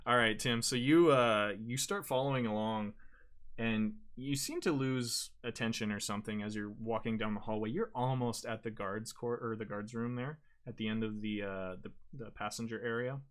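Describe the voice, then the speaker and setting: A man narrating as dungeon master, halting often and correcting himself as he goes. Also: on the low side, steady tone. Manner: halting, frequent restarts and self-corrections. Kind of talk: narrating a tabletop game.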